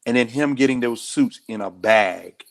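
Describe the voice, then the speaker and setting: A man's voice: mid-range voice, moderate pace, vocal fry. A man, a sheriff speaking as an interview guest, telling stories in a direct, earnest way. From United States. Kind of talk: candid interview talk.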